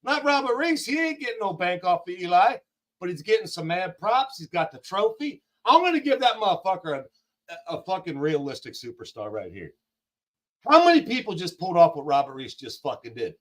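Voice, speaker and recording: High-voiced man ranting with heavy swearing. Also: big pitch swings, fairly bright tone, low-quality recording. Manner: blunt, swearing, rapid-fire. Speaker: call-in guest. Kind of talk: heated profane rant.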